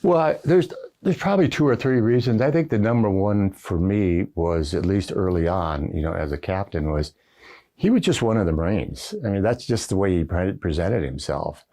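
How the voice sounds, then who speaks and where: A man's voice: low-pitched, expressive, moderate pace, dark tone. An older man, a retired Marine general, telling anecdotes in an interview with lots of uh and you know. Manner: folksy anecdotal storytelling with frequent fillers. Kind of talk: recorded oral history interview. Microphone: camera setup with interviewer behind it.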